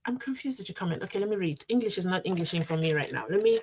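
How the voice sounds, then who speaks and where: A young South African woman with a South African accent hosting a casual live-stream from her desk, reading viewer comments aloud and reacting in an animated way. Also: on the low side, very fast, slight background noise. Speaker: commentary channel host. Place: at a desk at home.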